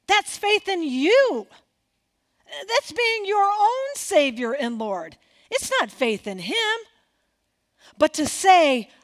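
Expressive woman preaching a sermon. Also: sits high, slow pace. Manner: expressive preaching, acting out quoted dialogue, dropping to near whispers. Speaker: pastor.

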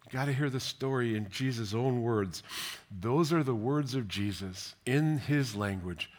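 A man preaching a sermon, reading scripture aloud and commenting on it, moving between gentle tenderness, soft whispered passages and lively, emphatic questions. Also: medium pitch, moderate pace.

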